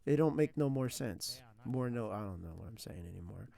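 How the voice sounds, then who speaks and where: A man chatting casually on a stream while learning a language, rambling and excitable, laughing often and using slang. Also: fairly low pitch, a little fast, gravelly.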